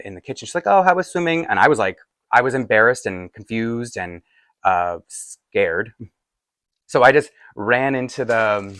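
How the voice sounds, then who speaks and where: A man's voice: lowish voice, a bit bright, slight background noise. A man in his forties telling a personal story in a casual, rambling way, with many fillers and restarts. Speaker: doll collector vlogger.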